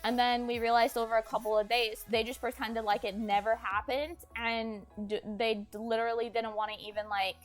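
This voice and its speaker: A woman's voice: fairly high pitch, level tone, brisk, hardly any pauses, soft background music. A woman streamer telling a personal story in a rambling way, with lots of "like" and frequent restarts.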